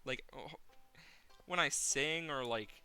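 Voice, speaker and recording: Male game streamer, playful and rambling, slow pace, faint game music behind. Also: medium pitch, smooth. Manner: rambling, playful, easily excited. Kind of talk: live game streaming chat.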